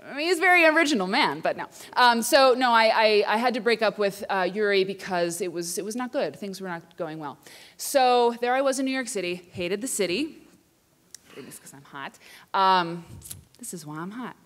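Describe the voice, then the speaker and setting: A woman in her thirties telling a funny personal story live, chatty and self-deprecating with animated asides. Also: medium pitch, normal speed. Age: 30s. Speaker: writer and quilter performing for students.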